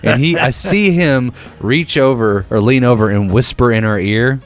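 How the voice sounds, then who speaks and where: Speaking at an ordinary pace in a mid-range voice, a young male podcast co-host recounts a casual anecdote packed with filler words. His delivery is lively, he imitates voices, and there's quiet guitar music in the background.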